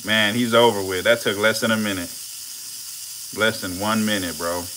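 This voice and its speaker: A young man, giving loud, profane, laughing commentary as a channel host on a casual live stream. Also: fairly low pitch, steady tone, normal speed, noisy background. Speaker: channel host feeding snakes.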